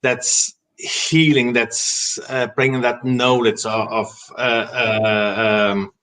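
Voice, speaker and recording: A man talking as a guest about spiritualism, reflective and halting, with frequent hesitations and restarts. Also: medium pitch, little pitch movement, pushed and bright. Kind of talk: casual spiritual discussion.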